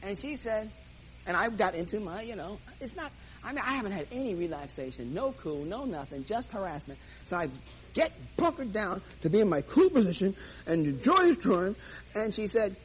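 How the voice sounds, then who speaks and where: A man's voice: high-pitched, sing-song, normal speed, fairly bright tone, slight background noise, poor audio. A man comedian telling a self-mocking story on stage and acting out the dialogue. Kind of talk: stand-up storytelling.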